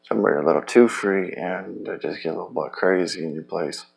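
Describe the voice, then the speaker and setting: Gravelly-voiced man rambling, profane. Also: low-pitched. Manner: loose, profane, halting with many restarts. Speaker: vlogger. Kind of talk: rambling personal monologue.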